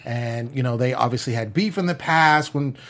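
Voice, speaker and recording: A man hosting a lively panel chat show, excitable and often laughing. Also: medium pitch, normal speed. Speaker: host. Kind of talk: casual chat.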